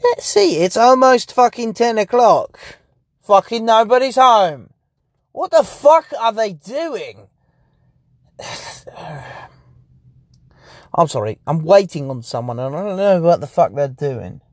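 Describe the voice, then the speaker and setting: A man's voice: sits high, sing-song, slow, pauses often, no room sound, clean studio sound. A young man rambling and swearing in a casual podcast monologue, recorded sitting inside his parked car. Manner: profane, rambling, laughs often. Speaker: podcast host.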